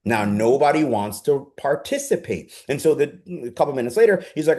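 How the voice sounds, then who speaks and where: A man coaching a group live on a video call, energetic and persuasive, often asking his audience rhetorical questions. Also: mid-range voice, fairly quick. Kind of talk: live online coaching session.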